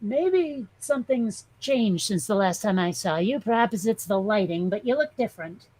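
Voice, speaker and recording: A woman's voice: mid-range voice, animated, normal speed, a little mellow, husky, rough recording. A woman hosting a casual chat show, telling rambling, profane comic stories. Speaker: show host.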